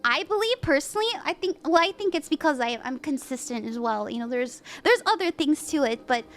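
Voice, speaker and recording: A woman's voice: sits high, animated, fairly quick, faint music behind. A woman hosting a casual live-stream tarot reading, bubbly, giggly and encouraging as she gives advice. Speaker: tarot reader and livestream host.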